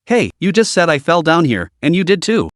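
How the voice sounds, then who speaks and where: A carefree, joking young man from a comic recap, chatty and playful, as the male narrator reads his lines. The voice is a little high and swings lively up and down, with a dry, close sound. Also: brisk, dry recording. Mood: cheerful.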